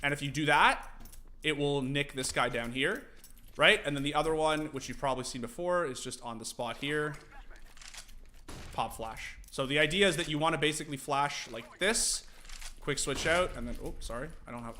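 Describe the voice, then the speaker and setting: A young man casually streaming, teaching game tactics to his chat, animated and profane. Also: mid-range voice, normal speed, slight background noise. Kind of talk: casual livestream commentary.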